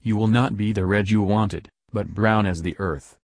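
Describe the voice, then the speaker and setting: Stern, scolding male creator spirit, read by a man, low and dry. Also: steady tone, normal speed, no room sound. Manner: commanding and scolding. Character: stern, angry male Great Spirit and maker of all things.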